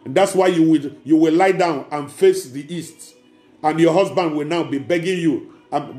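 A man's voice: a little high, moderate pace, mellow, echoey room, faint music behind. A man, preaching a sermon as pastor, emphatic and repetitive, speaking straight to the congregation.

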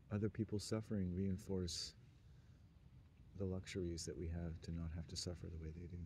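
A man's voice: low voice, little pitch movement, normal speed, long pauses, darkish tone, a little hiss or hum. A man talking in a rambling, sardonic monologue, often laughing at his own jokes. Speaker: monologue speaker.

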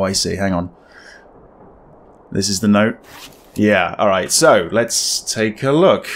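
A man giving casual, wry commentary while playing a horror game, thinking aloud. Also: mid-range voice. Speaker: gaming video creator.

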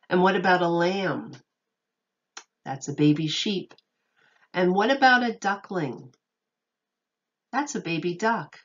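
A woman's voice: on the low side, highs cut off. A woman teacher reading a picture book aloud to children, patiently asking them questions and praising their answers.

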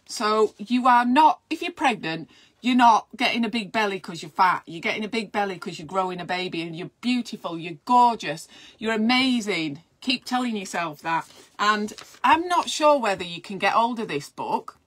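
A middle-aged woman hosts a live stream as a midwife, rambling casually and encouraging her viewers. Her mid-range voice is expressive and a bit bright, moving at a moderate pace.

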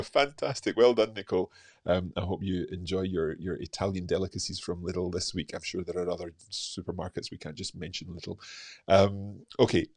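A man hosts a live stream in a relaxed, chatty way, stopping often with ums and restarts. His voice sits low and a little husky. The sound is dry and close, with no room echo. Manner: chatty, many fillers and restarts. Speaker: podcast host reading listener reviews. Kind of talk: live-stream casual chat.

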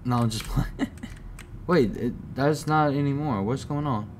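A man hosting a horror game let's play, reacting with casual slang, swearing and yelling at the scares. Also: mid-range voice, a little slow, slight background noise. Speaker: gaming channel host.

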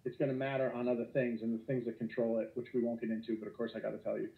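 A man teaching an online lecture, energetic and joking, with sudden exclamations. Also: mid-range voice, racing, vocal fry. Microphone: computer mic. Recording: echoey, tinny phone-like online call.

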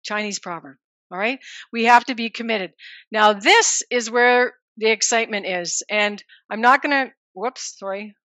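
Lively woman giving a talk. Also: a little high, moderate pace, no echo. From Manitoba, Canada. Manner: lively, addresses listeners by name, drops in French words. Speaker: farm family succession coach. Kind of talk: live presentation to an audience.

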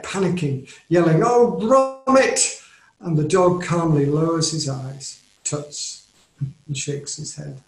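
Earnest English preacher in a roomy echo. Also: male voice, on the high side, darkish tone. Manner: earnest, measured, emphatic on key phrases. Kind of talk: sermon. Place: church or home, recorded for online service.

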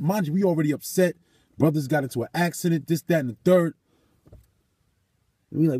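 Close, dry audio with no room sound captures a vlogger whose story drifts into preaching. His husky, mellow voice sits on the high side, running a little fast with long pauses, and he is emphatic and profane, repeating his phrases.

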